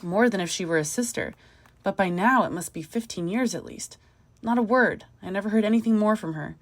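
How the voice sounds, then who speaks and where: A woman's voice: medium pitch, brisk, pitched above the performer's own voice, lightly acted. A woman reading the part of an astonished woman visitor, speaking up in raised exclamations. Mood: earnest. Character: astonished woman visitor, old school friend.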